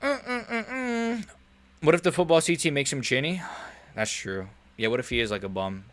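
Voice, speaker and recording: A man's voice: medium pitch, expressive, fairly quick. Man rambling through live fight reactions. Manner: rambling, joking, slangy. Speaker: live stream host.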